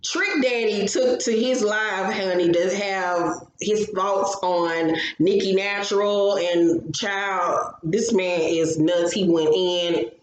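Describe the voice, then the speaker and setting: A woman hosting a casual gossip commentary, ranting loudly with heavy profanity. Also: mid-range voice, fairly even intonation, slow pace, few pauses. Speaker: gossip channel host. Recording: echoey room with faint noise.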